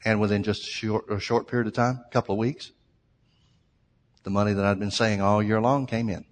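A man's voice: lowish voice, steady tone, fairly quick, big-room sound. A middle-aged man preaching a sermon, emphatic and repetitive, building his phrases to strong peaks.

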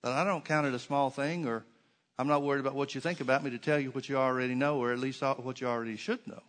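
A man's voice: mid-range voice, steady tone, quick pace, a bit bright. Emphatic male preacher at a church. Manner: emphatic preacher who asks rhetorical questions and repeats for effect. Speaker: pastor. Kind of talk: sermon.

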